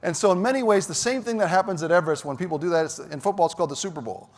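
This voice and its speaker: A man giving a storytelling keynote speech at an awards dinner, animated and shouting his punchlines. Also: sits high, very fast. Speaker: keynote speaker. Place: large hall. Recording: long hall reverb.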